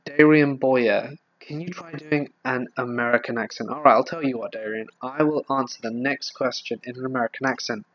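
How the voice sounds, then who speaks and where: A man's voice: medium pitch, steady tone, fairly quick, hardly any pauses, muffled recording. A man, hosting a casual live stream and answering viewer questions in a chatty, hesitant way. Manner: chatty, hesitant, with frequent fillers and restarts. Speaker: horror story narrator and channel host.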